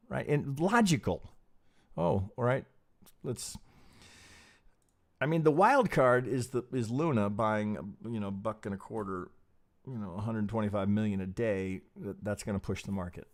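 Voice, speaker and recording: Profane, animated man talking trading charts. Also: mid-range voice. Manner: profane, animated, mimics clueless traders in quick asides. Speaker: trading stream host. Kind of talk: casual live chart commentary.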